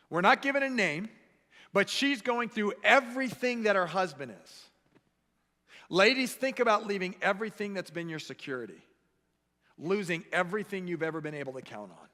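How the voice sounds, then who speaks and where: A man preaching a sermon as pastor, animated and acting out the voices he quotes. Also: high voice, moderate pace, long pauses. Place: church sanctuary. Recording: echoey church hall.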